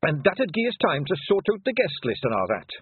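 A man voicing a small, brash male pixie warrior chief with a Scottish accent in a storybook, loud and blustering. The sound is tinny and dry. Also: on the high side, wildly swooping pitch, fairly quick, husky, no room sound, pitched above the performer's own voice, exaggerated voice.

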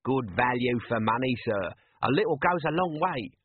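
A man's voice: mid-range voice, animated, normal speed, breathy edge, dry recording. Nobby, a man voicing a cheeky scruffy corporal. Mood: chirpy. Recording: tinny phone-like line, dry.

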